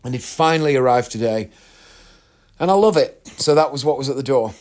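A man's voice: medium pitch, fairly quick, darkish tone. A man hosting a podcast, telling a rambling travel story in a chatty way and laughing at his own tale. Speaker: podcast host. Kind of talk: casual storytelling monologue.

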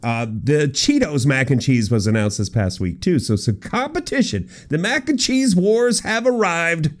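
Man hosting a comic news countdown, wry asides, swooping pitch. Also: moderate pace. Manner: wry, animated, jokey asides. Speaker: podcast host.

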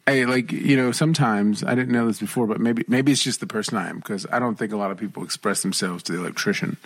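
Man, husky, animated storyteller, casual podcast chat. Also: lowish voice, fast talker, dry recording. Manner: animated, acts out quoted voices. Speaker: podcast co-host, electrician.

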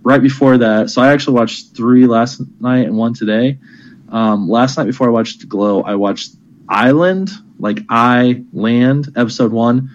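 A man chats loosely with friends on a podcast, wandering from one show to the next and cursing along the way. His voice has a middling pitch, and the recording sounds a little muffled and lo-fi. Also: measured pace, slight background noise. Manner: rambling, laughs a lot, swears casually. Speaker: podcast co-host. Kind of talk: casual chat among friends.

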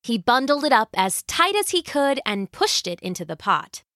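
A woman narrating a folk tale as a storyteller, slow and expressive. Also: a little high, dry recording, studio quality.

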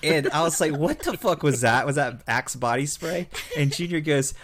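A man co-hosting a casual chat, telling stories in a relaxed way and laughing as he talks. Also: on the high side, normal speed, few pauses, a little hiss or hum. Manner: laid-back storyteller, laughs while talking. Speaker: podcast co-host.

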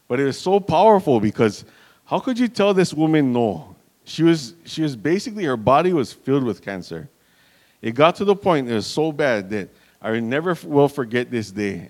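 A man's voice: medium pitch, expressive, a little fast, darkish tone. A man preaching a sermon in an earnest manner, calling out to the congregation and restarting phrases as he goes.

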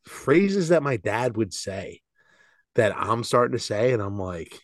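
A podcast co-host in his forties chats casually in a lowish, sing-song voice that is a little slow, captured in a dry, studio-quality recording. His talk is loose and slangy, peppered with "dude" and "like."

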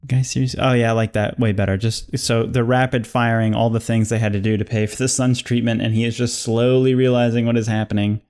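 Relaxed man talking through a sketch. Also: mid-range voice, a little fast, hardly any pauses, clear, resonant tone. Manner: relaxed, thinks aloud with fillers. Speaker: sketch co-writer. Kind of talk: casual script workshop chat.

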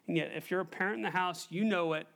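High-voiced man preaching emphatically. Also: quick pace, gravelly, a bit bright. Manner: emphatic, asks the congregation questions. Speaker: pastor. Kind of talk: sermon.

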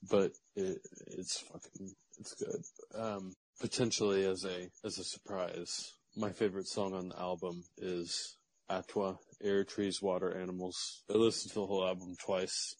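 A man's voice: deep voice, level tone, normal speed, no room sound, low-quality recording. A man co-hosting a podcast, chatting casually about music with a lot of swearing and laughter. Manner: profane, rambling, laughs often. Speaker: podcast co-host. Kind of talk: casual chat.

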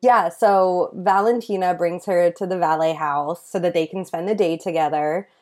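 Woman co-host, casual recap chat, gushing and chatty, slightly low voice. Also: steady tone, normal speed, darkish tone. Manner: gushing, enthusiastic, lots of "like". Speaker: podcast co-host recapping a show.

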